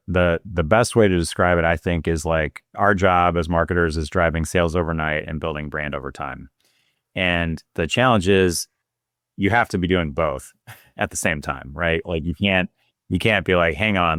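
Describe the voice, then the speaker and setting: Very deep-voiced man, smooth and dry. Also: a bit bright, no room sound. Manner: earnest, explanatory, frequent "you know" and "like". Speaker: guest, restaurant chain marketing chief. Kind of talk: casual interview talk.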